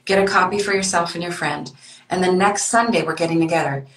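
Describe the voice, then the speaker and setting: A woman guest author talking in a warm, laughing, coaching way during an online interview. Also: on the low side, fast talker, reverberant, low-quality recording. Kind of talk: conversational interview on an online live stream.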